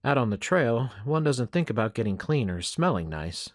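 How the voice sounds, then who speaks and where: A man narrating a first-person western audiobook in a steady, measured way. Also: medium pitch, no echo, studio quality.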